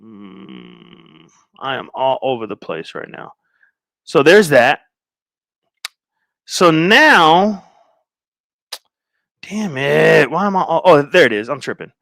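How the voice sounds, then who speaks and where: A man's voice: fairly high pitch, big pitch swings, slow, creaky, long pauses, sharp tone, no room sound, clean studio sound. A man hosting a casual livestream, rambling and distracted as he talks to viewers in chat. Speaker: livestream host.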